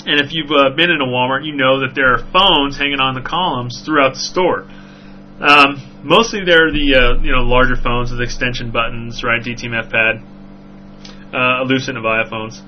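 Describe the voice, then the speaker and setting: A man hosting a podcast, telling a story in a rambling, animated way with frequent "right?" asides. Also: medium pitch, moderate pace. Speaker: podcast host. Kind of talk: casual storytelling chat. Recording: dull lo-fi recording with faint hum.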